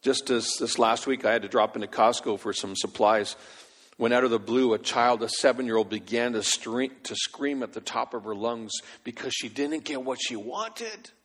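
A man preaching a sermon, animated, acting out the voices in his stories. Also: medium pitch, normal speed. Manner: animated, acts out quoted voices. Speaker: pastor. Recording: long hall reverb.

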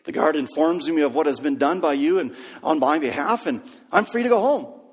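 A man preaching a sermon, telling a story and dropping to a hush on key lines. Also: fairly high pitch, expressive, a little fast, slightly rough. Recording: long hall reverb.

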